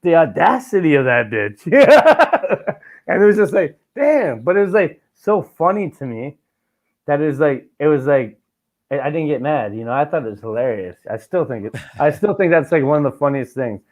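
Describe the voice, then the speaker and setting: A man's voice: on the high side, normal speed. A man from Canada hosting a podcast, telling travel stories in casual chat, full of swearing and acted-out dialogue. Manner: profane, animated storytelling with mimicked dialogue. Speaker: podcast host.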